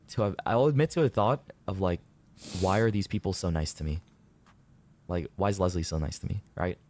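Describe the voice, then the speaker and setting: A man's voice: deep voice, a little fast, darkish tone. A man speaking sincerely and reflectively in a played clip, with some hesitation. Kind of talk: heartfelt casual talk.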